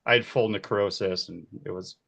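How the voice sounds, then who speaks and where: A man's voice: on the low side, moderate pace, creaky. Man in his forties telling set stories. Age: 40s. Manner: animated, laughs often, acts out quoted voices. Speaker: key grip, interview guest. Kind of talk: casual storytelling.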